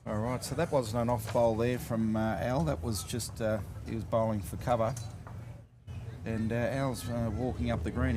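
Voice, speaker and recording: A man giving relaxed live commentary on a bowls match, with many fillers. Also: mid-range voice, normal speed. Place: outdoor bowls green. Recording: outdoor mic with steady background noise.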